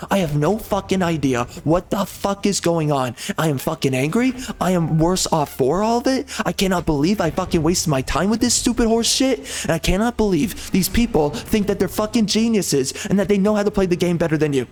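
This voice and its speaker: A gaming streamer ranting furiously, swearing constantly and circling back to the same complaints. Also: male voice, high voice, animated, a little fast, few pauses, darkish tone. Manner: mocks others in a put-on sugary tone. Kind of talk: angry profane rant.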